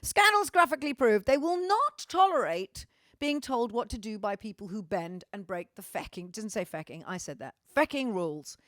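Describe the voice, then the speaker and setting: A woman's voice: a little high, expressive, moderate pace, a bit bright, dry recording, clean studio sound. A middle-aged woman from Britain chatting cheekily to her fans, swearing freely and joking in a theatrical way. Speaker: vlogger and singer. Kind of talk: casual sweary monologue to fans.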